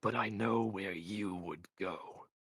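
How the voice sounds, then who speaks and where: A man reading a young man speaking softly and evenly, a cold menace under the calm words. The low voice sits close and dry with no room around it. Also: moderate pace, no echo, close to an everyday voice. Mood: menacing. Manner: quiet, even, menacing.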